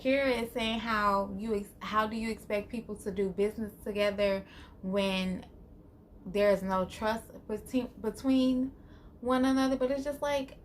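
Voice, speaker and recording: A woman's voice: fairly high pitch, normal speed, a little hiss or hum. A woman hosting her own channel, recapping a reality TV episode in a casual, opinionated way with lots of fillers. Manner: animated, opinionated, filler-heavy. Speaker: channel host.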